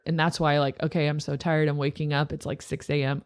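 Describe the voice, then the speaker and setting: A woman's voice: low voice, flat delivery, a little fast, hardly any pauses, clear, resonant tone. A young woman who is a youth pastor, talking casually and earnestly on a podcast, with many filler words.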